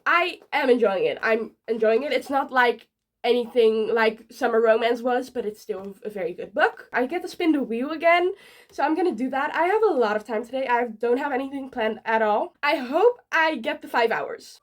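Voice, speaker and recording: A young woman talks to the camera in a casual reading vlog, her voice a little high, animated, and at normal speed. As a book vlogger, she fills her chatter with lots of "like."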